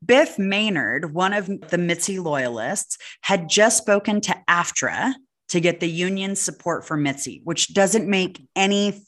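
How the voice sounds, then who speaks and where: Low-voiced woman telling a story. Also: measured pace. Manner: animated, swears freely, acts out quoted people. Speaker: podcast co-host. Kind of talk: casual storytelling chat.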